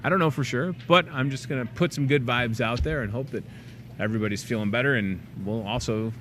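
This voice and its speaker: A man's voice: medium pitch, brisk. Guy hosting a store show, rambly and jokey, little background hum. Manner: jokey, rambling, plugs and shout-outs. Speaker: host of a local in-store show. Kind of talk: casual chatty show wrap-up. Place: grocery store.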